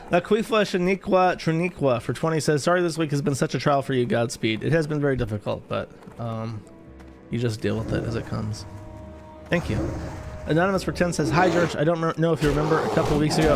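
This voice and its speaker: With music playing underneath, an American streamer speaks briskly in a fairly high voice. He reads out viewer donations in casual live-stream chat, tossing in wry, offhand comments and chuckling asides.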